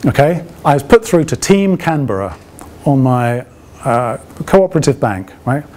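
A man's voice: mid-range voice, animated, measured pace, a little mellow. A man giving an open lecture to alumni in a conversational way, often checking with the audience through rhetorical questions and dry, ironic asides. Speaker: guest lecturer.

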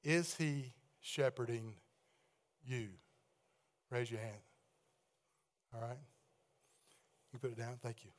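A man preaching a sermon in a church, reading scripture aloud with the congregation, praying quietly and asking them to raise their hands. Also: medium pitch, takes it slowly, long pauses. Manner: leads congregation in call-and-response readings and hand-raising; swings between loud proclaiming and hushed prayer. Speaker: pastor. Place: church sanctuary with balcony.

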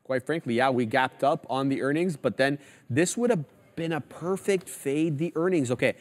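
A man's voice: a little high, moderate pace. A man hosting a live trading show, giving casual, chatty market commentary as he walks through stock charts. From Canada.

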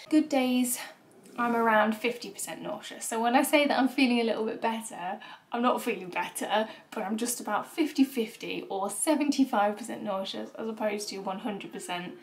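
A woman's voice: a little high, a little hiss or hum. A young woman from the UK vlogging casually about her pregnancy, chatty, emotional and candid, with many ums and small laughs, while feeling nauseous and unwell. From United Kingdom.

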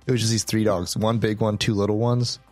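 A man co-hosting a podcast, talking slowly and haltingly as he thinks aloud in casual chat. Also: on the low side, flat delivery, darkish tone, dry recording, faint music behind. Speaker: podcast co-host.

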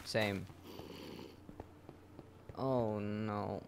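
A man's voice: fairly low pitch, steady tone, very slow, gravelly, heavy background noise. A man streaming a game live, playful and given to laughing asides. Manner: playful, laughing, slips into Spanish exclamations. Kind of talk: live gameplay chat.

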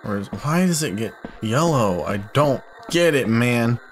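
A young man commentating a horror game as he plays, frustrated and confused, swearing often and breaking into loud startled yelps. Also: mid-range voice, animated, a little slow, a little hiss or hum. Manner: frustrated, swearing a lot, bursts of loud surprise. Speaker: gaming YouTuber. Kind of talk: let's play commentary. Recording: game music playing behind.

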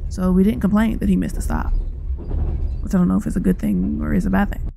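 A woman's voice: mid-range voice, steady tone, fast talker, gravelly, mellow, faint music behind. A woman streamer giving chatty commentary on a horror game, talking back to the characters with playful bravado. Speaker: gaming streamer.

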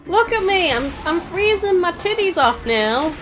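Brief: young English woman gamer, Scouse-Welsh-tinged accent, bright high voice, slow chatty delivery, music underneath. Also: sing-song. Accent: mix of Scouse, Welsh and English. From England. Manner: chatty, giggly, reads chat aloud. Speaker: gaming streamer. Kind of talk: live let's-play commentary. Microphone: desk microphone.

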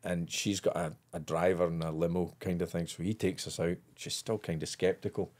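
A man's voice: deep voice, fairly even intonation, fairly quick, a little mellow. An older man with a Scottish accent, a comedian telling anecdotes in casual podcast chat, laughing often. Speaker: guest comedian.

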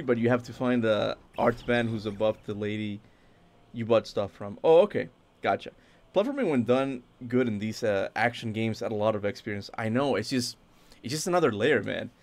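Young guy streaming a game, super lively pitch, hyped and cussing, chatting w chat. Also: normal speed. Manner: excitable, swears freely, talks to chat. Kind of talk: casual livestream gameplay commentary.

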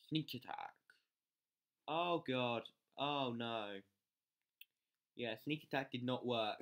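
A gamer commentating live gameplay, excitable, yelling at troops, swearing and mocking themself. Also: mid-range voice, a little slow, long pauses. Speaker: game channel host.

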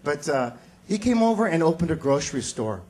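A man doing a stand-up comedy set on a theater stage, delivering punchlines with animated energy and slipping into character voices. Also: a little high, fairly quick. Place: theater stage before a live audience. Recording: live stage recording with loud audience laughter.

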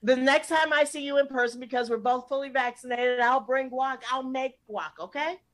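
A woman's voice: high-pitched, fairly even intonation, normal speed, fairly bright tone. Brash older woman improviser on a call. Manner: brash, swears freely, exasperated. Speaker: improv comedian. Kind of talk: improvised comedy scene. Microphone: video call.

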